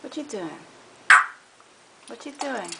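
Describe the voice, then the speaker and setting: A woman at home chatting to her pet bird in an unhurried, cooing baby-talk voice, teasing and scolding it by turns. The home video has a steady layer of hiss and noise behind her. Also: a little high, vocal fry. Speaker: parrot owner.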